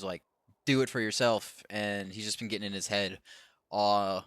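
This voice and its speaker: A man's voice: on the low side, steady tone, normal speed, fairly bright tone, clean tone, no echo, studio quality. A man hosting a casual podcast, chatting loosely and swearing freely, often acting out what others said. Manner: rambling, loose, swears freely, acts out quotes. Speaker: podcast host. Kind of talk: casual chat recapping wrestling.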